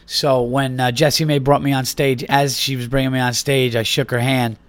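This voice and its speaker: A man hosting a podcast, animated as he retells a story, acting out the quotes and swearing freely. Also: medium pitch, moderate pace, dry recording. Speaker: podcast host. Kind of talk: casual storytelling.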